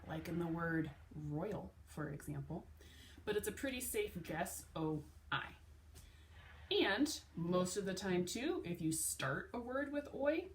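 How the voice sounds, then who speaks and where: Woman, phonics teacher, patient, slow letter-by-letter spelling, lower pitch, distant mic. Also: big pitch swings, slight background noise. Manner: clear, patient, sounds out letters slowly. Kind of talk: phonics lesson for children.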